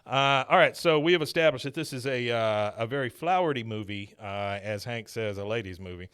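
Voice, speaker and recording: A man's voice: mid-range voice, expressive, fairly quick, a bit bright, smooth, no room sound, studio quality. A man, hosting a podcast and animatedly retelling scenes. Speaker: podcast host. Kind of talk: casual chat.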